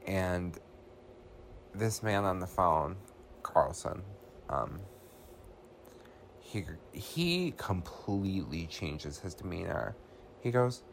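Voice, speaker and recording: A man's voice: deep voice, lively intonation, slow pace, pauses often, slight background noise. A man hosting a podcast, recapping a film in a loose, profane, casual way with many ums and likes.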